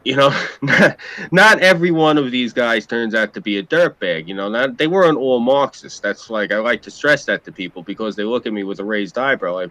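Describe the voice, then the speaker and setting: A man's voice: medium pitch, lively intonation, fairly quick, pushed and bright. A man with a New York accent, casually telling rambling, profane stories as a podcast host. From New York City area. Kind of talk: casual storytelling chat.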